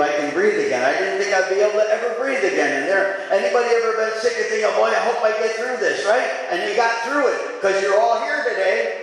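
Fervent preacher in an echoey hall. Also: male voice. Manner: swings between loud fervent calls and hushed low musing. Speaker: pastor. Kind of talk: sermon. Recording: echoey hall, faint room noise.

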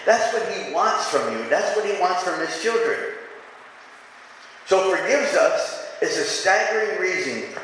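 A man's voice: high-pitched, animated, unhurried, fairly bright tone. A pastor preaching a sermon to his church, leading the congregation in call-and-response and repeating lines for emphasis. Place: church sanctuary. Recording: echoey church hall with faint room noise.

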